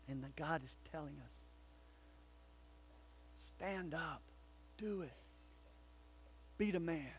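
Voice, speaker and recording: A male pastor preaching a sermon, swinging between loud calls and hushed, earnest pleading. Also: a little high, slow pace, long pauses, soft background music.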